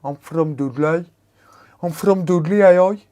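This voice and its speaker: A man putting on a broad Black Country accent to play a blunt man from Dudley, loud and jokey. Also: fairly high pitch, measured pace, voice pushed up, lightly acted. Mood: mocking. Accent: Black Country, put on.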